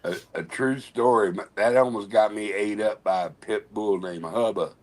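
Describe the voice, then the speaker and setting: Low-voiced man telling rambling stories. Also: moderate pace, background noise. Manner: rambling storyteller, swears freely. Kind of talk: casual chat.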